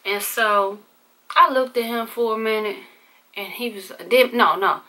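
A woman's voice: on the high side, a little slow, bright, forceful tone. A woman vlogger telling a candid personal story in casual, profane, conversational speech.

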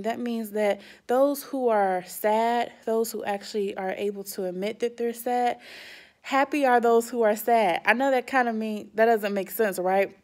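A young adult woman, a children's pastor, speaking straight to the kids in a sermon with emphatic rises. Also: mid-range voice. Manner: warm, direct address to kids, emphatic rises.

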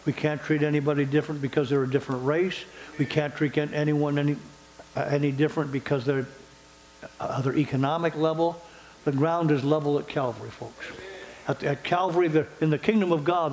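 A man's voice: mid-range voice, darkish tone, slight background noise, poor audio. An older man, pastor emeritus, giving an earnest, conversational sermon and closing prayer, repeating phrases for emphasis. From United States. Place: church sanctuary.

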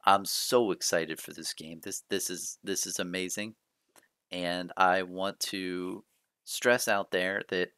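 A man excitedly sharing his thoughts on a card game in casual commentary, rambling and laughing often while keeping his voice down late at night. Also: fairly low pitch, dry recording, clean studio sound. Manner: rambling and hyped, laughs often, frequent restarts. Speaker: card game video host.

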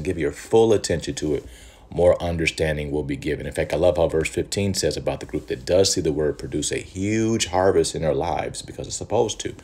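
A man teaching from the Bible in a conversational, animated preaching style, asking rhetorical questions. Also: rumbling low, breathy edge. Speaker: pastor. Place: Michigan.

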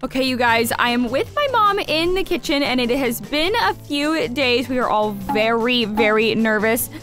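A woman hosting a gaming video, narrating an excited role-play and chatting straight to her viewers. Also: on the high side, normal speed, over music. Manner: bubbly, talks straight to viewers.

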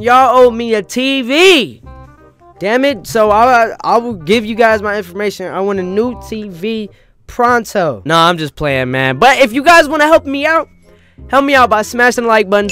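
A young man, a gaming YouTuber, telling a profane, animated storytime rant and peppering it with "bro" and "you know what I mean". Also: high-pitched, clean tone.

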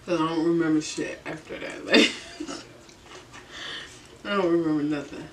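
A young woman vlogger with a low-pitched, fairly even voice tells a story at a moderate pace during a mukbang in her bedroom. She's laid-back, slangy, and profane, laughing often, and the recording is roomy with a distant mic and faint hiss.

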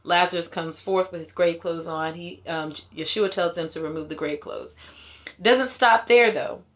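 A woman's voice: on the low side, moderate pace, a bit bright. A woman giving a casual Bible retelling, paraphrasing in slangy everyday speech with conversational asides and frequent laughter. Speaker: Bible teacher.

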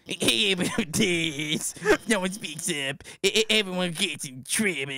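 A man's voice: fairly high pitch, lively intonation, slow, gravelly, sharp tone, exaggerated voice. A man voicing a nervous female lizard teacher who stammers and fumbles her words. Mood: flustered. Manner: stammering, flustered.

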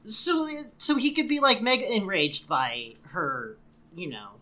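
Animated sarcastic woman podcaster. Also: mid-range voice, measured pace. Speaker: podcast co-host. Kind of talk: casual chat recapping a TV episode.

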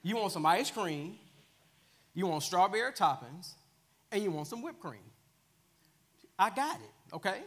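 A man's voice: sits high, sing-song, a little slow, pauses often, exaggerated voice. A man voicing an elderly husband who insists he needs no reminders in a sermon joke. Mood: defensive. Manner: defensive, insisting. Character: elderly husband, proud and stubborn.

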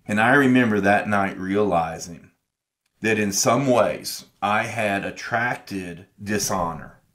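Earnest storytelling man, lowish voice. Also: takes it slowly, a bit bright. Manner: earnest, reflective storyteller who acts out his own past dialogue. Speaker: podcast co-host. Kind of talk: personal storytelling in a casual podcast chat.

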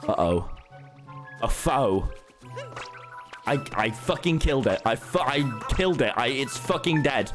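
A man streaming a game live, excitable and swearing, talking back to his chat. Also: medium pitch, a little slow, long pauses, over music. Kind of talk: live gameplay commentary.

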